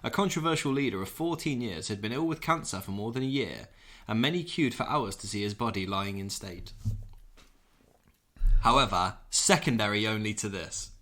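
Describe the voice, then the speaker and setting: A man's voice: fairly low pitch, lively intonation, moderate pace, bright, forceful tone. A man in his thirties co-hosting a podcast, reading out news items and cracking jokes between them. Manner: jokey, reads out news items with asides. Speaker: podcast co-host. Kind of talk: casual chat.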